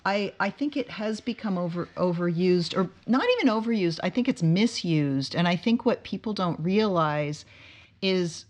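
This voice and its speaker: A woman with a slightly low voice hosts a casual conversational interview. She speaks in a thoughtful, reflective way, with her words sometimes coming in quick bursts. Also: animated. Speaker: interviewer, host.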